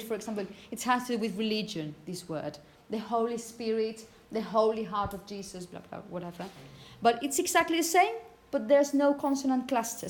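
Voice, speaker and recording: A woman teaching phonetics to a class, repeating example words slowly and checking understanding with frequent "okay?". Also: fairly high pitch. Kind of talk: classroom lecture.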